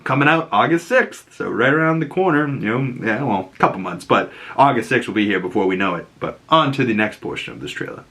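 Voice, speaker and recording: A man's voice: medium pitch, lively intonation, fairly quick, hardly any pauses, sharp tone, a little hiss or hum. A man giving casual, chatty reaction commentary on a movie trailer, laughing often.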